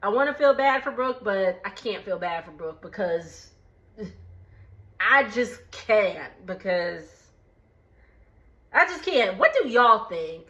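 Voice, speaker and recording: A woman's voice: mid-range voice, very animated, slow pace, long pauses, a bit bright, muffled recording. A woman casually recapping a reality show, chatty and laughing often.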